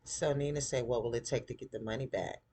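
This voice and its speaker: A man casually recapping a TV episode, chatty and animated, acting out the characters' lines in a style. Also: mid-range voice, quick pace. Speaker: TV show recap host.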